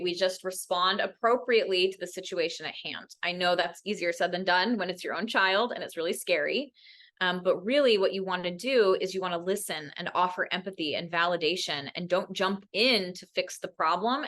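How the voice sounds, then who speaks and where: Woman educator at a parent workshop; bright, earnest, animates quotes. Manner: earnest, often ends points with "right?"; acts out quoted voices with big pitch jumps. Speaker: mental health educator. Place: workshop room.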